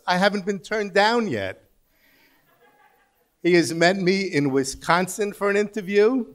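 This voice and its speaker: Man in his sixties giving a joking dinner speech. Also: sits high. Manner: dry storytelling with self-mocking jokes. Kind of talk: humorous after-dinner speech. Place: large banquet hall.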